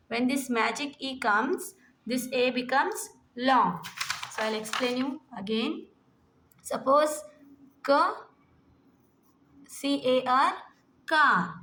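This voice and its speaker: A woman's voice: fairly high pitch, fairly bright tone. A woman with an Indian English accent teaching phonics, sounding out letters and words one by one and repeating each. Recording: echoey room.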